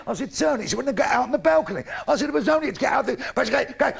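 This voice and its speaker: A man's voice: very high-pitched, expressive, very fast, vocal fry, few pauses. A middle-aged man with a London Cockney accent doing live stand-up, brash and crude, swearing freely and acting out both sides of his stories. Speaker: stand-up comedian. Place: stage in front of a live audience. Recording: noisy live stage recording.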